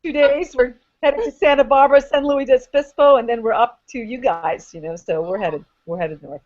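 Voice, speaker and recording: A woman's voice: on the high side, normal speed, darkish tone. A woman chatting casually as a guest, rambling and restarting, with an ongoing throat illness. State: sick, throat issue. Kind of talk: casual conversation. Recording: dull lo-fi sound.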